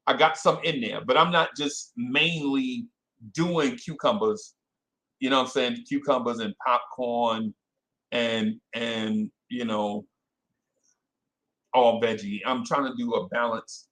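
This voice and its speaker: A man hosting a casual fan podcast, animated and self-correcting, calling out listeners by name. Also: medium pitch, slow. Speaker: podcast host. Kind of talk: casual live-stream chat with fans.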